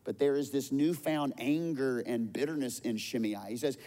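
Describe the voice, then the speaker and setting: A man's voice: mid-range voice, moderate pace. Preacher man in a reverberant hall. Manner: animated storytelling, acts out quoted lines loudly. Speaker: pastor. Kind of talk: sermon.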